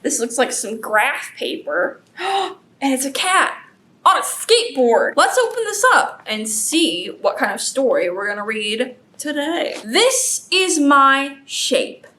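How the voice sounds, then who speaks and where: A woman leading a children's storytime as librarian, animated and gasping with exaggerated delight for the kids. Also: high-pitched, slow.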